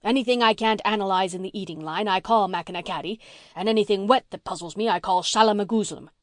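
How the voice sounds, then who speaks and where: A woman's voice: mid-range voice, fast talker, no room sound, studio quality, lightly acted. Woman voicing Norman Douglas, a blustering old farmer. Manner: bossy, teasing, repeats himself. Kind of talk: audiobook reading.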